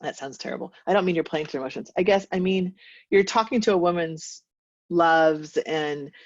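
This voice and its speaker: A woman's voice: lowish voice, moderate pace, no room sound, muffled recording. Chatty woman leading a team meeting. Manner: chatty, laughs often, self-deprecating. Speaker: sales team leader. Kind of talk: casual team meeting talk.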